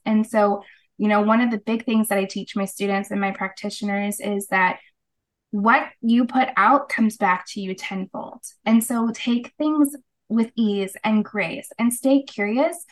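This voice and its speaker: A woman's voice: mid-range voice, fairly even intonation, unhurried, low-quality recording. A middle-aged woman, a guest on an interview show, telling her story in an earnest, casual way and acting out the voices of people she quotes. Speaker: guest, holistic practitioner.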